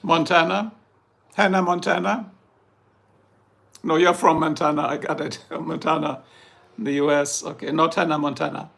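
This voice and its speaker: German guy w/ a german accent, gravelly and a bit high, joking around answering his chat live. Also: level tone, normal speed, pauses often, a bit bright. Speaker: livestreamer. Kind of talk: casual livestream chat.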